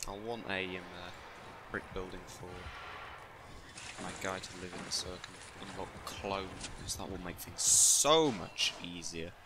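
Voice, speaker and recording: A man's voice: low-pitched, measured pace. A man giving casual, jokey gameplay commentary, rambling self-mocking asides to himself. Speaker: let's play gamer. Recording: steady background noise.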